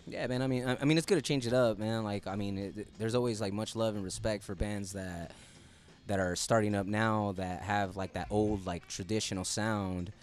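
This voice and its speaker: A man, a band's singer and bassist, talking in a laid-back casual way in a podcast interview. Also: fairly even intonation, normal speed. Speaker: band singer and bassist guest.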